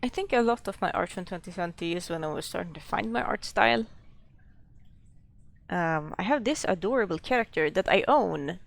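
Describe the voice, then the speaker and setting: A woman's voice: on the low side, expressive, normal speed, creaky. A woman streaming live, chatting casually with her viewers in a gushing, self-deprecating way.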